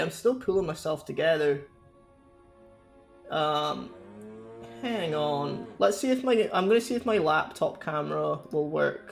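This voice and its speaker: A man's voice: a little high, vocal fry. Streamer guy, rambly chat, lots of laughs, faint music behind. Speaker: live streamer. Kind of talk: casual chat with viewers.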